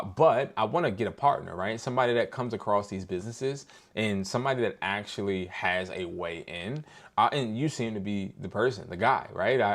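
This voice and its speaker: A young man hosting a live business workshop, talking in casual slang and acting out phone calls in a lower voice, with loud excited bursts. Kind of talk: casual livestream teaching.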